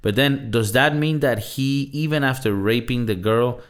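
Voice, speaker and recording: A man's voice: medium pitch, normal speed. A man co-hosting a casual movie review podcast, talking loosely, joking and swearing. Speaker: podcast co-host.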